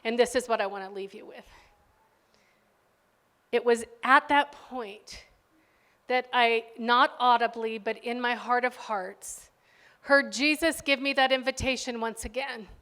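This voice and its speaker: An older woman, a grandmother, giving a faith talk built around a personal story, dropping to soft tones and then rising loud and lively. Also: on the high side, a little slow, long pauses. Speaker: speaker.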